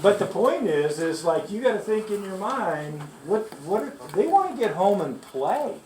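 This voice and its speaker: A man's voice: high voice, normal speed. Man, company speaker, storytelling pep talk, mic far off, faint background noise. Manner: animated, laughing, acts out quoted people. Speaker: company executive addressing store staff. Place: store on opening day. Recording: echoey room, mic far off.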